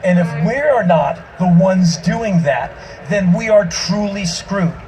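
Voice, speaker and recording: A man giving an emphatic spoken-word monologue to a live audience on an outdoor festival stage, his delivery breaking into shouts. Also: high voice, expressive, slow pace, a little hiss or hum, low-quality recording.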